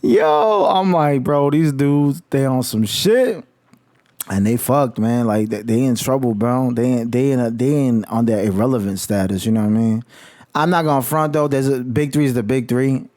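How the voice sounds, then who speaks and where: A man's voice: medium pitch, fairly even intonation, brisk, dark tone, dry recording, clean studio sound. A man vlogging about college football in a heated, slangy rant full of swearing. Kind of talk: casual profane rant.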